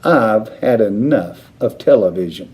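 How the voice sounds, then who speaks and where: A man voicing a blustering, irritable father who shouts in exasperation in a storybook reading. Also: fairly low pitch, lively intonation, a little slow. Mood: exasperated.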